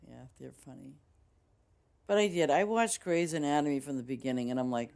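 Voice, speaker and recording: A woman's voice: rumbling low, a little fast, gravelly, darkish tone. A woman game streamer chatting casually with her viewers as she signs off, rambling with lots of fillers and restarts. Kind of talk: casual stream sign-off chat.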